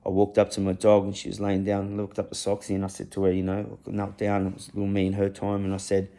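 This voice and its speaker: Gravelly low man, blunt and rambling. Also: completely flat delivery, fast talker, mellow. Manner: blunt, heavy swearing, rambling with fillers. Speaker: storyteller. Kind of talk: raw personal storytelling.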